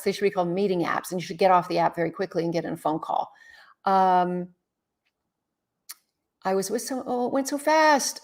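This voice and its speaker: A woman hosting a live relationship-advice stream. She greets viewers in a chatty way and gives blunt, practical answers to their comments, sounding a little worn out after a long day. Her voice swells and fades as she leans toward and away from her webcam mic. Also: medium pitch. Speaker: relationship expert host. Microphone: webcam mic, moves toward and away from it.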